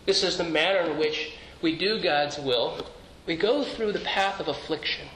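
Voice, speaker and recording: A man's voice: a little high, normal speed. A man pastor preaching a sermon in an earnest, conversational way, asking rhetorical questions and restarting his phrases. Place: church sanctuary. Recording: echoey church room, faint noise.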